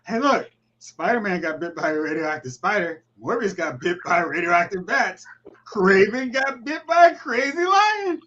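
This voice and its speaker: A man hosting a casual movie chat, joking and animated, with quick asides. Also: high voice, highs cut off. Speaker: podcast host.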